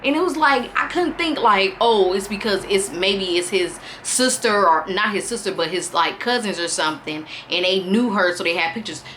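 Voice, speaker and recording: A young woman telling a profane, animated story in a casual vlog. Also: mid-range voice, moderate pace, hardly any pauses, a little hiss or hum. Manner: animated, profane, acts out quotes loudly. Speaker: storytime vlogger.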